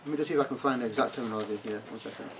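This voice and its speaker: A man's voice: medium pitch, very fast. A man teaching a classroom lesson who keeps asking "yeah?" and prompts his students to translate. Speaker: Arabic teacher. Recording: distant classroom recording, faint noise.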